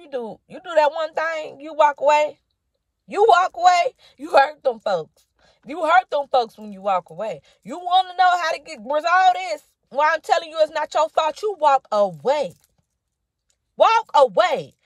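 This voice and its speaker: A woman's voice: high-pitched, expressive, normal speed, dry recording. A woman minister preaching to camera with impassioned, rhythmic repetition, calling the listener honey and baby. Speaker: minister giving a prophetic word.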